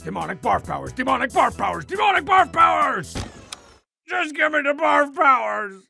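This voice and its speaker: A man voicing a loud, rude, scheming cartoon kid with a gravelly, shouty manner. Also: high-pitched, very animated, a little slow, soft background music, heavily acted. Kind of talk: cartoon voice acting.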